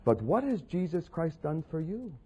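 Husky man preaching with dramatic swings. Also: a little high, very animated, normal speed. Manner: dramatic, swings from quiet asides to loud acted quotes of Jesus. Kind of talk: sermon.

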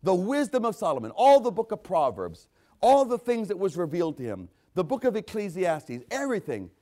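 An older man preaching a sermon as pastor, swinging between loud emphasis and quiet asides. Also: high-pitched, wildly swooping pitch, fairly quick.

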